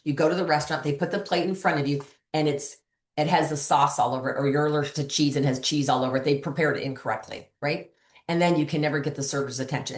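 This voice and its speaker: A woman giving a casual training talk to other beauty consultants, chatty and animated, acting out her customer conversations. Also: sits low, roomy sound.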